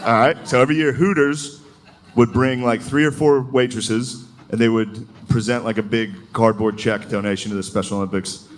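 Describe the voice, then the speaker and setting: A man's voice: mid-range voice, fairly even intonation, moderate pace. Crude, profane man in a noisy recording. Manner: crude, profane, laughing through his lines. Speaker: stand-up comedian. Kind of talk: stand-up comedy set.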